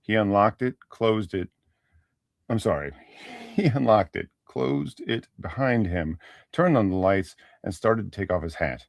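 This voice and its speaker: Lively low-voiced man reading a story. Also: unhurried, gravelly, dry recording, clean studio sound. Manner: lively reading with self-corrections. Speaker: podcast co-reader. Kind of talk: reading a short story aloud.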